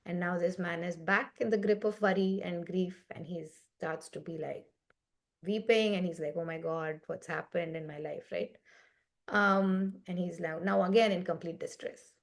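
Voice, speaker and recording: A woman's voice: lowish voice, steady tone, normal speed, gravelly. A woman leading a meditation session on a video call, telling a story in a reflective, conversational way and often checking in with "right?". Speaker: meditation facilitator.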